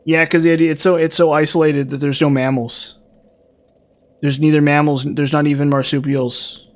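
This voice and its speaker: A man's voice: fairly high pitch, little pitch movement, moderate pace. A man chatting casually while playing a video game, rambling with lots of fillers and restarts. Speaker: gaming streamer.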